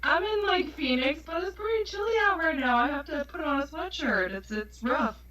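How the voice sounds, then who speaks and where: Woman, from New York, chatty, self-mocking, slightly high voice, voice call. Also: animated, moderate pace, a bit bright. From New York, United States. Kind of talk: casual voice chat. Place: online voice call.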